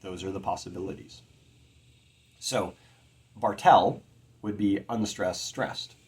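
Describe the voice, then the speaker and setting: A middle-aged man teaching about poetic meter in an earnest, measured way, carefully stressing his words. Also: low voice, fairly even intonation, slightly rough. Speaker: poetry teacher.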